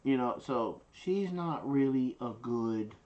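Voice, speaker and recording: A man's voice: medium pitch, animated, slow pace, lo-fi sound. Rambling homestead man on a livestream. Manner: rambling, joking, talks softly to the dog. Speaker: livestream host. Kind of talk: casual chat. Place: home, evening livestream.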